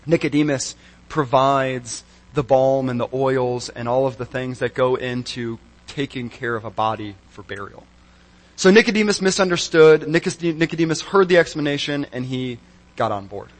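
A man preaching a sermon, telling a personal story in an animated, wry and self-mocking way. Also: medium pitch, moderate pace, rough recording. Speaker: pastor.

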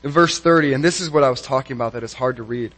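A man preaching a sermon, telling a personal story in an animated, wry and self-mocking way. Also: mid-range voice, rapid-fire, rough recording. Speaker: pastor.

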